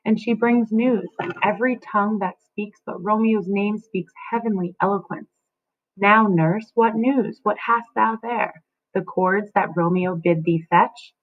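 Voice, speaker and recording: Brief: a woman voicing an anxious young lover, a little higher than her own voice, tinny lo-fi audio. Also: fairly even intonation, unhurried, lightly acted. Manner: raised, earnest recitation. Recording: phone-like lo-fi audio.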